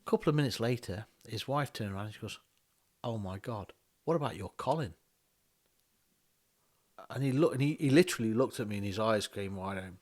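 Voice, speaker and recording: Man, fairly low voice, tattoo artist, lively chatty storyteller who acts out the dialogue. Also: racing, hardly any pauses. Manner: animated, acts out quoted dialogue, frequent restarts. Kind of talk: casual storytelling chat. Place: podcast recorded on a bus.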